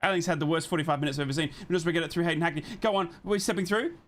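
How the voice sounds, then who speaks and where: On his live football watchalong stream, a young man delivers play-by-play calls and reads chat messages aloud, excitable and swearing freely. His voice is a little high and he speaks at a racing pace.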